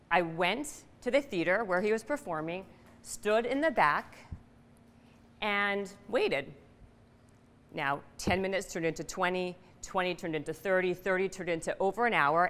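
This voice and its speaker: A middle-aged woman telling a personal story to an audience, animated and punchy, asking the room questions. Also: fairly low pitch. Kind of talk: storytelling talk. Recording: reverberant hall.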